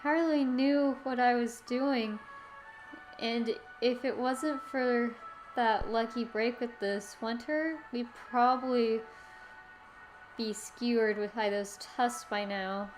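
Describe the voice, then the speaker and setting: A woman's voice: fairly high pitch, slow, soft background music, rough recording. A woman reading the lines of a modest, encouraging young heroine from a game in a friendly way.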